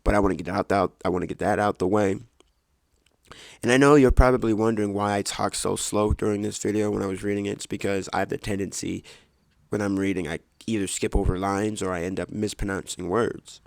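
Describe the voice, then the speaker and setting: A man with a fairly low, gravelly voice rambles casually as host of his own podcast, correcting himself and tossing in jokey asides. He speaks close to the microphone in a dry, dead-sounding home room. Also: steady tone, a little fast, no echo. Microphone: close desk microphone.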